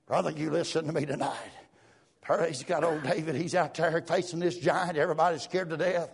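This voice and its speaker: High gravelly fervent preacher man. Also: fairly even intonation, fairly quick. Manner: fervent, rhythmic, peppered with "uh" and "praise God", sometimes shouting. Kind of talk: fervent sermon.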